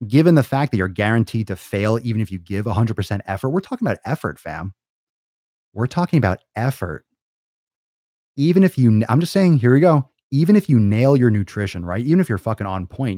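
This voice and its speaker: A man's voice: fairly low pitch, expressive, fairly quick, warm tone, no room sound, studio quality. A man ranting in a blunt, profane way, sometimes mocking whiny excuses in a silly voice. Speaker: fitness vlogger. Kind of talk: profane motivational rant.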